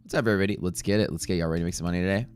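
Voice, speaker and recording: A man's voice: low voice, steady tone, rapid-fire, darkish tone, clear, resonant tone. A man hosting a casual livestream from his home streaming room, greeting viewers by name and joking as he rambles. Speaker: livestream trading host.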